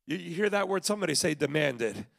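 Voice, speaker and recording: A man pastor delivers a sermon at a church service. He talks in a lively, conversational way and often stammers into restarts. His voice is high and bright, with a gravelly rasp. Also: fast talker.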